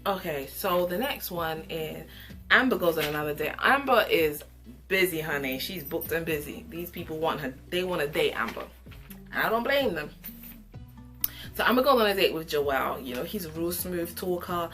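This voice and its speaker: A young woman giving an opinionated, sassy casual review of a reality show, with animated asides. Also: sits low, moderate pace, soft background music.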